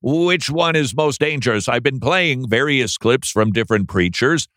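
A man's voice: medium pitch, animated, moderate pace, a bit bright, no echo, clean studio sound. A male radio talk show host giving emphatic, sarcastic commentary with an incredulous edge.

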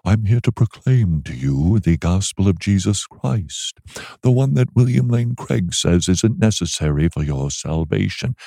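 A man's voice: low-pitched, lively intonation, a little slow, gravelly, warm tone, slightly rough, no room sound, clean studio sound, pitched below the performer's own voice, exaggerated voice. A man voicing a snooty British preacher in a put-on British accent, sounding mock-posh.

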